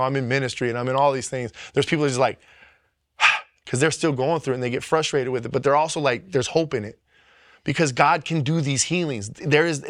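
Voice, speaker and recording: A man's voice: mid-range voice, fairly bright tone, no room sound, studio quality. A man giving a personal faith testimony, speaking earnestly and emotionally, with frequent repetitions and restarts.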